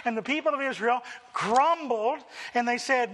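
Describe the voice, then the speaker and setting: Guy preaching a sermon, really high voice, bright and punchy, big echoey church sound. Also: normal speed. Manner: animated preaching, acts out quoted complainers. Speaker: pastor.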